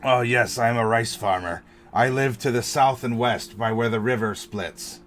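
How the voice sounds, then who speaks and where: A man voicing a polite, small male halfling rice farmer with a very deep voice. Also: normal speed, fairly bright tone, slight background noise, lightly acted.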